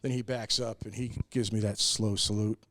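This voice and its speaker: A man's voice: on the low side, level tone, normal speed, fairly bright tone. Earnest middle-aged man telling stories. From United States. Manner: earnest, many "uh"s, acts out quoted people. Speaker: brewery owner, guest. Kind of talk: casual storytelling in a podcast interview.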